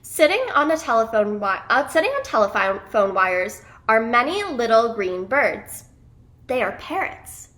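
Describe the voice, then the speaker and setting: Slow, animated woman reading a storybook. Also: on the high side. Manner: expressive, animated.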